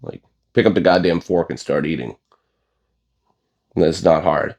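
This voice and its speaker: A young man with a low voice gives a casual gym vlog rant. He is blunt and profane and wanders through fillers and restarts. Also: moderate pace, creaky, darkish tone, dull audio. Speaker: bodybuilding vlogger.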